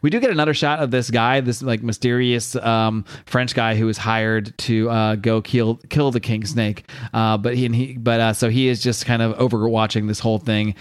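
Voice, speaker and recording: A man's voice: medium pitch, fairly even intonation, moderate pace, few pauses, clear, resonant tone, dry recording, clean studio sound. A man casually recapping a comic series as a podcast co-host, rambling, laughing often and reading quotes in put-on voices. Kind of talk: casual chat.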